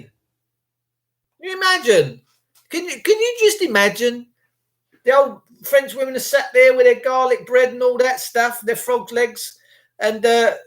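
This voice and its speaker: Rambling, crude English bloke. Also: male voice, high-pitched, a bit bright. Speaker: livestream host reading chat. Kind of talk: rambling casual monologue.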